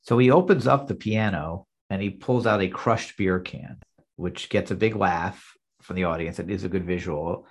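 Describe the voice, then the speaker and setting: A man's voice: sits low, normal speed, slightly rough. A man co-hosting a podcast, recapping a sitcom episode in casual chat and acting out the lines as he narrates. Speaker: podcast co-host.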